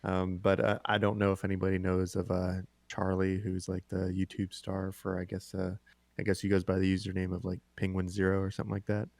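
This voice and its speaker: A man's voice: low voice, monotone, a little fast, darkish tone, no room sound. A man co-hosting a podcast, rambling casually and hesitantly as he describes videos. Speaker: podcast co-host. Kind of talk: casual chat.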